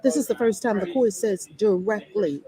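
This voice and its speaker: Speaking at a normal speed with a dark-toned, medium-pitched voice, a woman in the role of spiritual teacher delivers her daily lesson live. She talks warmly and chattily and reads a prayer, all recorded in low quality on her laptop's built-in microphone.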